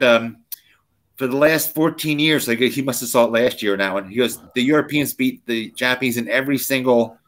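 A man's voice: medium pitch, fairly quick, a bit bright. A man co-hosting a casual podcast, telling rambling stories and acting out what others said. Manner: rambling storyteller, acts out quoted people. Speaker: podcast co-host.

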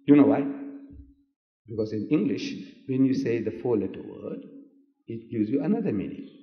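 A man's voice: mid-range voice, mellow. A man giving a public debate lecture, emphatic and rhetorical, firing questions at the audience and getting them to repeat after him. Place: large lecture hall. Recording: old echoey hall recording, dull sound.

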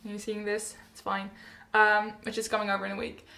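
Bubbly teen girl vlogging, gravelly. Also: mid-range voice, completely flat delivery, fairly quick, sharp tone, reverberant. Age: teens. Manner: bubbly, rambling, giggly, self-correcting. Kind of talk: casual chatty update vlog.

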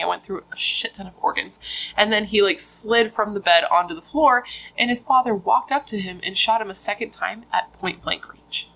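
A woman's voice: medium pitch, a bit bright, poor audio. A young woman casually retelling a true crime story, chatty and full of filler words.

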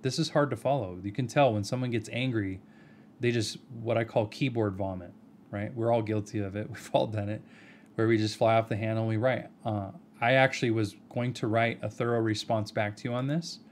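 A man giving an earnest, measured video response, addressing someone directly by name and pressing his points with rhetorical questions. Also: on the low side, steady tone, a little hiss or hum. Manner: earnest, argumentative, addresses the other person by name. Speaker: video commentator.

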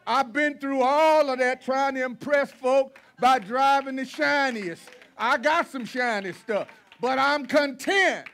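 A man preaching a sermon to his congregation in a church, folksy and blunt, driving points home with repetition and rising to shouts. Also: very high-pitched, slow pace, hardly any pauses. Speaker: pastor. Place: church sanctuary.

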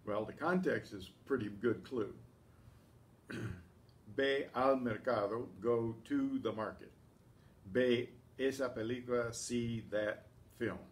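A male Spanish teacher gives a language lesson in a classroom or community center room, reading out examples and explaining each one at a slow, patient pace. His mid-range voice sounds distant, as if the mic is some way off, and he often pauses to clear his throat.

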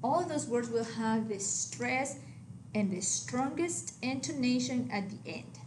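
A woman teacher gives a recorded lesson in a roomy space with some echo and a light hiss behind her. Her voice sits a little high, and she speaks patiently, pausing to check in with her students. She reads word pairs out slowly and clearly so they can be repeated. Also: expressive. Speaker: Spanish teacher. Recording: echoey room, faint background hiss.

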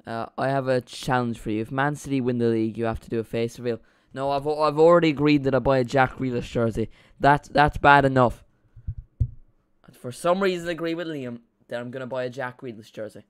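A young Irish man chatting and rambling excitably through a live football watch-along stream. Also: medium pitch, brisk, clean tone.

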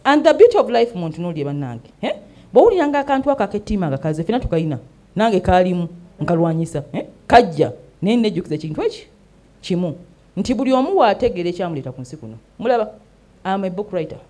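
A woman's voice: lowish voice, very animated, fast, mellow. A middle-aged woman with a Ugandan accent hosts a talk show, speaking emphatically and often asking "eh?" as she switches between English and Luganda. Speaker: host and mentor. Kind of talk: animated talk show monologue.

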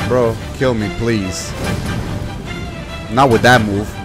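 A young man giving live gameplay commentary, exasperated and yelling at the game, with mild cursing. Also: fairly low pitch, fairly even intonation, takes it slowly, over loud music. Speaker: gaming YouTuber.

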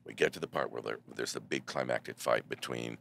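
A man guest on a podcast, telling theater stories in a measured, theatrical way. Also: rumbling low, creaky, fairly bright tone, a little hiss or hum. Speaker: guest actor. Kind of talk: casual storytelling.

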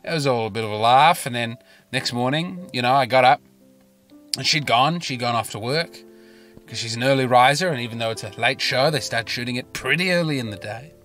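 Bright-voiced Australian man rambling comically. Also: mid-range voice, brisk, soft background music. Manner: chatty and self-mocking, with sudden outbursts. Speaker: comedian and podcast host. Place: parked car.

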